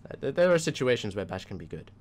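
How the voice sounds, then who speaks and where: A man's voice: medium pitch, very animated, quick pace, slight background noise. A man co-hosting a casual gaming chat, reasoning his choices out aloud. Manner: musing, reasons things out aloud. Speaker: co-host.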